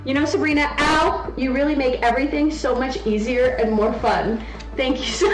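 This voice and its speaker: A woman's voice: high voice, steady tone, moderate pace. Chatty woman streamer, roomy sound. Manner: chatty, doting baby talk to her daughter. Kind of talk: casual live-stream chat. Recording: echoey room with background music.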